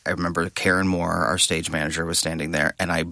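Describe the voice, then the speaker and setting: A man with a low voice and a bright, forceful edge talks as an interview guest. He tells backstage stories in an animated, halting way, often restarting and laughing. The sound is dry and close, as in a studio. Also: vocal fry, dry recording. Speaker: guest, Broadway actor. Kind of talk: conversational interview storytelling.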